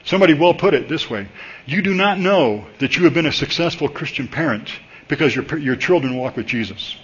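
Preaching to his congregation, this pastor speaks briskly and with a slightly rough edge, keeping things animated and conversational. His voice jumps higher in moments of excitement, captured on a dull, lo-fi recording.

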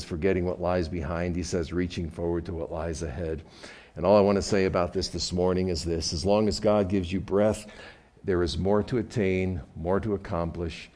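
A man's voice: sits low, gravelly, darkish tone. A man preaching a sermon as pastor in a conversational way, often repeating words as he restarts.

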